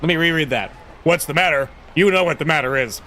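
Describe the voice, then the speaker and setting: A man voicing a gruff, protective middle-aged father who talks bluntly, firm and flat. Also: a little high, quick pace, slight background noise, pitched above the performer's own voice. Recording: voice over game music.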